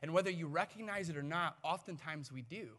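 A pastor in his thirties preaching a sermon, telling family stories and moving from hushed asides to loud, emphatic lines. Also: fairly high pitch, a little fast. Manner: storytelling, swings from hushed to loud.

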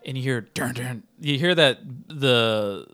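A man's voice: mid-range voice, unhurried, a bit bright. A man co-hosting a podcast, retelling stories in casual chat and mimicking the people in them. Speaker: podcast co-host.

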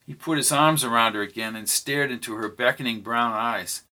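A man's voice: normal speed, pushed and bright. A man reading a novel aloud as narrator, raising his voice for the characters' lines. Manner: reads dialogue with lifted pitch for characters. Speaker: audiobook narrator.

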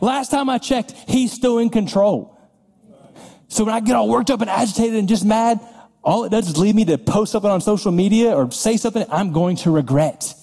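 A man's voice: a little high, dark tone. A man pastor preaching a sermon in a conversational way, often repeating words and laughing lightly as he talks. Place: church sanctuary. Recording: long reverb of a large hall.

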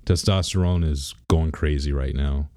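A man's voice: very deep voice, normal speed, dark tone. A man in his thirties, a father, talking casually in a rambling, laid-back way and laughing now and then. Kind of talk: casual personal vlog.

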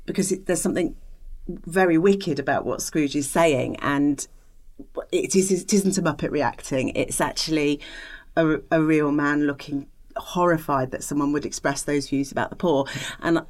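A woman's voice: low-pitched, moderate pace, darkish tone. A woman co-hosting a podcast, talking in a thoughtful, hesitant way with many fillers and restarts. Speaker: podcast co-host discussing film ratings. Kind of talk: casual podcast discussion.

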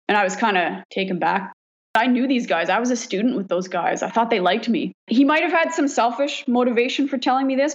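A woman firefighter tells stories in a relaxed interview, frank and quick to laugh, with plenty of swearing. Her voice sits at an ordinary middle pitch. The recording sounds dull and lo-fi. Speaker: firefighter guest. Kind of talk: casual storytelling in an interview.

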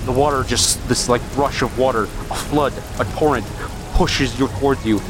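A man running a tabletop role-playing game as game master, narrating in a halting way with repeated words. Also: mid-range voice, steady tone, music in the background.

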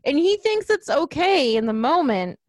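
A woman's voice: high voice, normal speed, no echo. A woman ranting in casual chat about a film, acting out lines as she goes. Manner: ranting, animated, acts out quotes.

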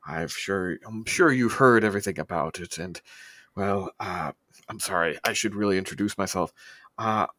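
A man voices a flustered male councilman who keeps apologizing and tripping over his words. The voice is low and quiet and recorded dry and close. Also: no echo. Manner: hesitant, apologetic, stumbling.

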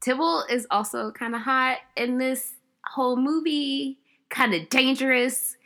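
A woman co-hosting a podcast, chatting about a film in a drawn-out, gushing and playful way. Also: high-pitched, fairly even intonation, sharp tone. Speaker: podcast co-host. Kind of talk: casual film recap chat.

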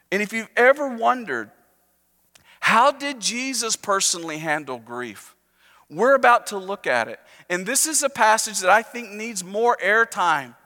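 Male pastor, high bright voice, conversational sermon with humor, reverberant church hall. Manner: conversational preaching with jokes, slowing and softening for emphasis. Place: church sanctuary.

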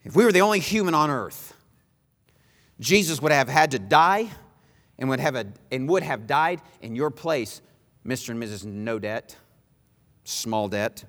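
A man preaching a sermon, emphatic and repetitive, swinging between loud pleas and hushed lines. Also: mid-range voice, animated, measured pace, long pauses, long reverb tail.

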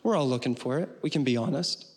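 A man pastor preaching a sermon in an earnest way, slowing down on key phrases and closing with a prayer. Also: mid-range voice, lively intonation, darkish tone. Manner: earnest, slows for emphasis and ends with prayer.

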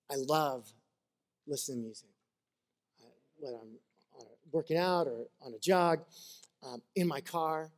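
A man's voice: high voice, a little mellow. A man preaching a sermon as a pastor, earnest and conversational, mixing scripture with personal stories.

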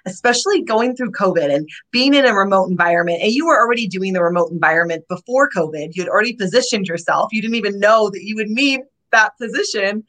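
A woman's voice: medium pitch, a bit bright. A woman hosting a casual interview, affirming her guest and animatedly quoting others. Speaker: interview host.

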